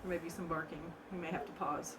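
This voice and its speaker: A woman chatting casually to her viewers from a room at home as she unboxes a gift, excitable and gushing, laughing often and repeating herself. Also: deep voice, fast, noisy background. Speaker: vlogger opening a gift box.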